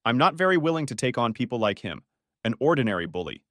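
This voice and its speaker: A man voicing a calm, commanding teenage boy hero in a recap story. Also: mid-range voice, quick pace, no echo, studio quality.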